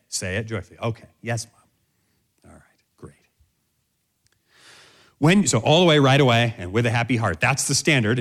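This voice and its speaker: A man teaching in a sermon style, direct and instructive, who stresses points by repeating key phrases. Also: mid-range voice.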